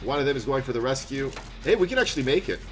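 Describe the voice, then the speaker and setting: A man from Canada, chatting excitably on a live gaming stream, laughing often and loudly greeting viewers. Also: mid-range voice, very fast.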